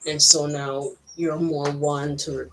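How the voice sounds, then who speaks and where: Halting woman with an American-Jamaican accent. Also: deep voice, level tone, a little hiss or hum, low-quality recording. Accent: mix of American and Jamaican. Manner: reflective, halting, thinking aloud with frequent restarts. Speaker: vlogger. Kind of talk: personal vlog monologue.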